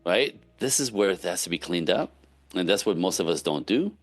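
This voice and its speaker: Soft music plays behind a man with a deep voice speaking at a normal pace. As a relationship coach guesting on a podcast, he offers casual yet emphatic advice in an animated way, often tagging on "right?"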